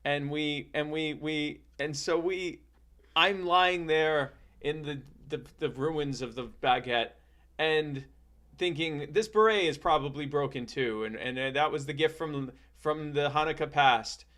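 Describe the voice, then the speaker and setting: A man hosting a comedy podcast, telling an improvised tall tale in a rambling, deadpan way with many restarts. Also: a little high, slow. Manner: rambling, deadpan, self-correcting. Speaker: podcast host.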